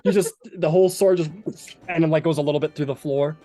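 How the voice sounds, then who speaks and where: A man's voice: on the high side, a little fast, no echo. Casual male game master. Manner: casual, animated, filler-heavy. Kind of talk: narrating a tabletop game.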